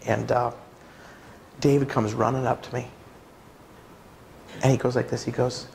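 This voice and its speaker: A man's voice: medium pitch, little pitch movement, unhurried, vocal fry, pauses often, darkish tone, a little hiss or hum. Conversational man preaching in an echoey hall. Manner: conversational, asks the audience questions. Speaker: pastor. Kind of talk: conference talk. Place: church hall.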